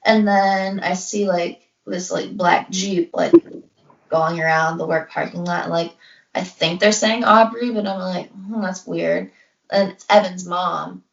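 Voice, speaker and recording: A woman's voice: on the low side, steady tone, measured pace, gravelly. A young woman co-hosting a podcast, rambling through a personal story in casual chat, saying "like" constantly and acting out what others said. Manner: rambling, heavy use of "like", acts out quotes. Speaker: podcast co-host. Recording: roomy, distant, dull lo-fi sound.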